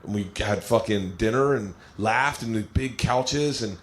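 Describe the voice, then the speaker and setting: A man's voice: lowish voice, a little slow. A middle-aged male comedian telling rambling, profane anecdotes on a podcast, often breaking into laughter. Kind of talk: storytelling podcast chat.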